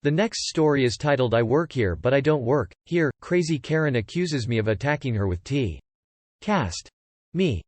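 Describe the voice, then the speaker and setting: A man reads stories aloud in a steady, plain manner. The sound is dry and close, with almost no room around it. His pitch sits at an ordinary middle height. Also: normal speed, no room sound. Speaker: story reader. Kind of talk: scripted narration.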